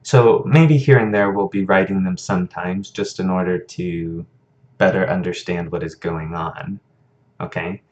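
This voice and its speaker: A man's voice: low voice, steady tone, measured pace, a little mellow, dull audio. A man teaching a recorded lesson, explaining patiently and checking in with frequent "okay"s.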